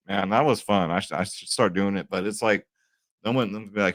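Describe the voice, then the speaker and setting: A young man talks through his betting picks in a chatty, upbeat way, often tossing in a quick check-in with his viewers. His voice sits a little low. The sound is dry and close, with no room around it. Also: dry recording. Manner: chatty, upbeat, says "right?" and "guys" a lot. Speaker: sports betting picks host. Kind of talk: casual picks video talk.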